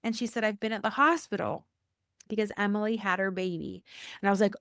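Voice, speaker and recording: A woman who works at a church, a podcast guest telling a personal faith story, animated, acting out quoted dialogue and repeating phrases for emphasis. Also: a little fast, dry recording, clean studio sound. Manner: animated, acts out quoted dialogue with rising pitch. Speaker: church worker.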